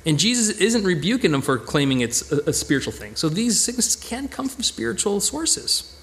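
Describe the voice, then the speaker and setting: A man teaches a Bible study in a loose, conversational way, with a voice pitched somewhat high for a man. He talks earnestly and with animated emphasis, often restarting his sentences as he works through a passage. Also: normal speed, creaky.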